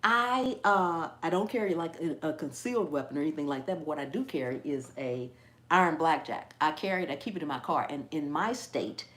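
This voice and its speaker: A woman hosting a casual live stream, hyper and animated, often laughing and mimicking people. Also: low-pitched, a little fast. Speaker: gardening channel host.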